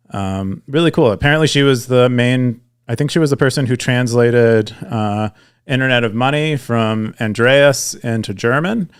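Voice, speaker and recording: In casual conversation on a podcast he co-hosts, a young man speaks with a clear, resonant, mid-range voice. He rambles, with lots of fillers and sentences he starts over.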